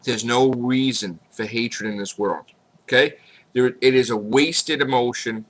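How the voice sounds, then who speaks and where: A man vlogging casually, his voice slightly hoarse, talking emphatically and repeating himself, sometimes rising to high exclamations. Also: normal speed, a bit bright. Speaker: YouTube vlogger on fan news. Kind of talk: casual vlog rant.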